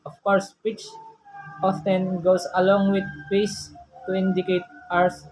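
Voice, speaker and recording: A speaker giving an enthusiastic, chatty presentation on the speaking voice, shifting register and pitch to demonstrate examples. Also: completely flat delivery, unhurried, darkish tone, a little hiss or hum, poor audio. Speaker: speaker on voice use.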